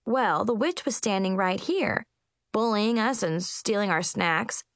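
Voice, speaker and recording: A woman's voice: medium pitch, expressive, a little slow, no room sound, clean studio sound. A woman voicing a snack-munching Munchkin schoolboy who explains things matter-of-factly in a storybook reading. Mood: explaining.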